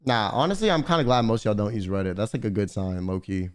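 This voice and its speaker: A young man streaming, chatting casually and swearing, slangy and animated as he rants to his chat. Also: fairly low pitch, quick pace, clear, resonant tone.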